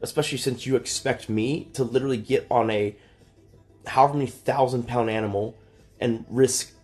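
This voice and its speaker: A man's voice: mid-range voice, steady tone, normal speed, a little mellow. A man in his thirties arguing heatedly on a livestream, lecturing and exasperated, swearing often. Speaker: streamer.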